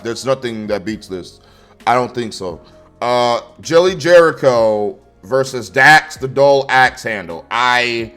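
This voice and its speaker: A man's voice: medium pitch, fairly bright tone. A man ranting through a wrestling show review, angry and sarcastic, swearing constantly.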